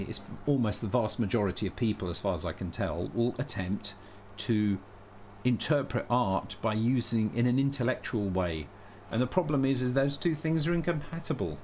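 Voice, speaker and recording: A man's voice: mid-range voice, a little mellow, slight background noise. A man talking casually on a live stream, thinking aloud with many restarts and blunt opinions. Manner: thinks aloud, frequent restarts and self-corrections.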